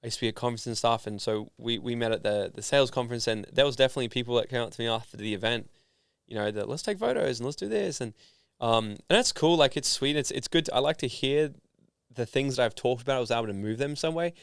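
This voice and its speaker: An Australian man telling stories in a casual interview, animated and full of fillers. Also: medium pitch, fast, clear, resonant tone, no echo, studio quality. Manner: animated storyteller, filler-heavy. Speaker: podcast guest, founder and speaker.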